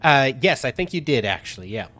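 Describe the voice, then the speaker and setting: A man running a tabletop game as game master, talking in a halting way with many fillers as he narrates scenes to his players. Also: medium pitch, very animated, bright, forceful tone. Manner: halting, many fillers while reading out descriptions.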